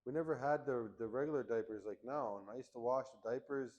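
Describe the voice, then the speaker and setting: A man's voice: mid-range voice, quick pace, a little mellow, highs cut off. A middle-aged man from Canada, plain-spoken and candid, telling a personal story to an audience. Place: event hall.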